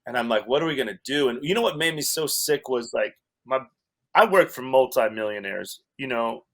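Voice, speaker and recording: A man's voice: mid-range voice, expressive, brisk, fairly bright tone. A man telling a long personal story as a podcast guest, wry and self-mocking, often laughing at himself. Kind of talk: storytelling in a casual chat.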